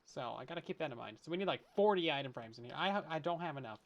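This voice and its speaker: Chatty, jokey man with a higher voice. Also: animated, very fast, dull audio. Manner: joking, self-deprecating, laughs often; rambling, chatty asides. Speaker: Minecraft streamer. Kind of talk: casual let's-play chat with viewers.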